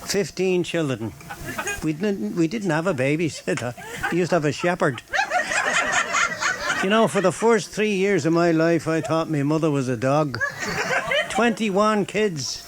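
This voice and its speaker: A man telling quick stand-up jokes, chuckling at his own punchlines. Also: fairly high pitch, expressive. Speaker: comedian. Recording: old recording with loud hiss.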